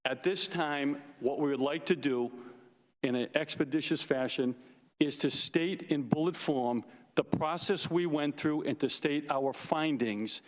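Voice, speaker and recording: A man testifying as a forensic investigator at a hearing, emphatic and deliberate, repeating his key points. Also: a little high. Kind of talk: formal opening statement. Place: hearing room. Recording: long reverb of a hearing room.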